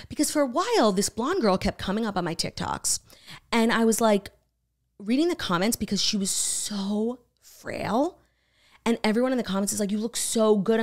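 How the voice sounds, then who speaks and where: A young woman retells a story on a casual podcast. She is animated and loose, swearing freely and filling her sentences with "like". Her voice sits at an ordinary middle pitch. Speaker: podcast co-host. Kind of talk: casual chat.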